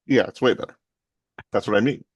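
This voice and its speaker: A young man with a very deep voice co-hosts a casual podcast, tossing in quick agreements and easygoing questions. His voice is recorded dry and close. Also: breathy edge, dry recording, lo-fi sound. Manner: brief agreeing interjections, easygoing. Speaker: podcast co-host. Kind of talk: casual chat.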